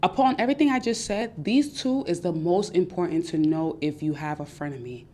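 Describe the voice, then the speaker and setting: A young adult woman hosting a podcast, giving casual advice and acting out her friends' voices with lively energy. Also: on the low side, fairly quick, slight background noise. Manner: animated, acts out friends' voices. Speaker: podcast host.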